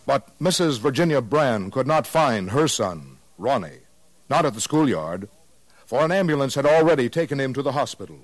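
A man narrating a scripted radio documentary in a measured, solemn way. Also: medium pitch, animated, dry recording.

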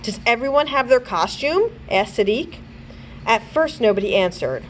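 Librarian woman reading aloud to kids; lively, expressive delivery with a faint room hiss. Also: on the high side, rough recording. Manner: lively, expressive storytelling with character voices; pauses to check pronunciation of words. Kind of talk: children's read-along narration.

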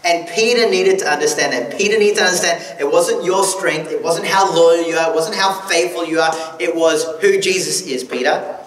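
A man with a somewhat high voice gives a relaxed, joking sermon, often restarting his sentences. He sounds a little distant from the mic, in a church hall with a long echo and faint background noise. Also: normal speed. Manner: conversational, joking, with frequent restarts. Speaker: guest preacher.

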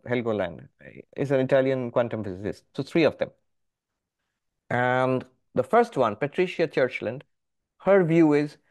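Man giving a lively philosophy lecture. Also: medium pitch. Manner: discursive, explaining step by step with lively emphasis. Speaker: monk teaching a scripture class.

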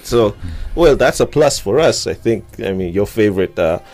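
A man hosting a hip-hop radio show, chatty, quick to laugh and stumbling over his words. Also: fairly low pitch, expressive, a little mellow, soft background music. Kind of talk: radio interview. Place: radio studio.

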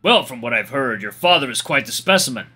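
A man's voice: medium pitch, animated, a little fast, pushed and bright, husky, soft background music. A man voicing a teasing male companion with dry humor.

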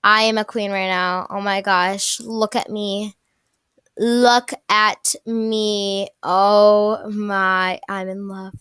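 A young woman giving casual gameplay commentary, excitable and gushing, often repeating herself and restarting. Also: medium pitch, takes it slowly, clean tone, no room sound, clean studio sound. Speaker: gaming YouTuber.

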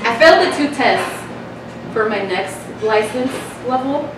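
A woman's voice: on the high side, expressive, unhurried. Young woman doing stand-up in an echoey room. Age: young adult. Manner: chatty, self-mocking, laughs at own jokes. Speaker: stand-up comedian. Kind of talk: stand-up comedy set. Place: small live venue with audience laughter. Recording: echoey, distant, noisy live room recording.

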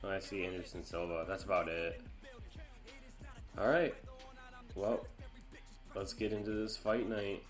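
A man's voice: low-pitched, steady tone, moderate pace, soft background music. A man casually commentating on his own gameplay, chatting along and groaning or exclaiming when things go wrong. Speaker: gamer.

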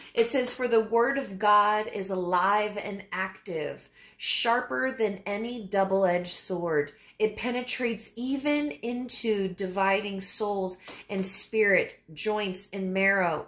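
A woman giving a spiritual tarot reading, reading scripture aloud and encouraging her listeners in a preachy way. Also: mid-range voice. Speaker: tarot reader. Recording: echoey room.

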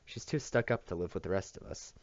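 A man's voice: sits low, quick pace, dry recording, natural voice. A man voicing a severe housemaid who speaks in a disdainful way. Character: severe gossiping housemaid, woman. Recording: dull dry recording.

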